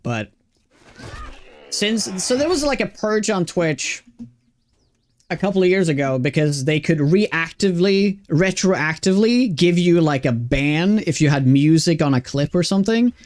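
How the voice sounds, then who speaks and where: A man live-streaming a video game, chatting casually with viewers, greeting and thanking them between quick reactions to the game. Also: high-pitched, animated, a little mellow. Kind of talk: casual live-stream chat while gaming.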